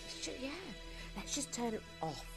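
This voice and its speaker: A woman sells jewellery live from a TV studio. Her voice sits somewhat high and swoops constantly as she gushes and chats through her sales pitch with plenty of asides. Faint music plays underneath. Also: very animated, moderate pace. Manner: gushing, chatty sales patter with frequent asides. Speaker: shopping channel presenter.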